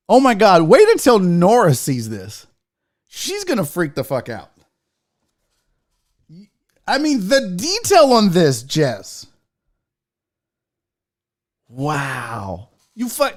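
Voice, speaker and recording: A woman hosting a casual show, addressing her viewers directly. Her pitch leaps up and down with real animation, yet she takes her time between words. She swears freely and gets excited easily. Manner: excitable and heavily profane; talks straight to the audience. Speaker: sports show host. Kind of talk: casual unboxing chat to viewers.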